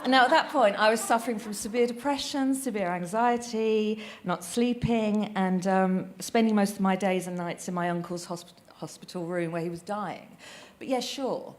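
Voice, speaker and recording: A woman's voice: medium pitch, normal speed, slight background noise. A woman speaking at a live event, sarcastic and sweary, laughing often as she talks. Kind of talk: comic stand-up style talk. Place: event hall with audience. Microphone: handheld mic.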